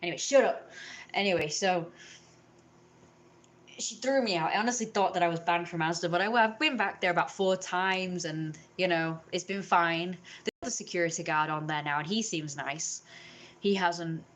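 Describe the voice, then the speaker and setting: A woman's voice: on the low side, normal speed, fairly bright tone. Rambling woman telling a grievance. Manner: rambling, indignant, acts out others in raised voices. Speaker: vlogger. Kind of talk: casual storytelling to camera.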